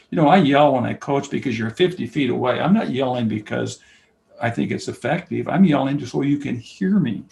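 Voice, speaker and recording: An older man, a basketball coach and camp founder, talking as an interview guest, telling stories and acting out quoted dialogue, from loud to whispering. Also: mid-range voice, a little fast, gravelly, low-quality recording. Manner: animated storyteller, acts out quoted dialogue, swings from loud to whispering. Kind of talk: conversational interview, storytelling.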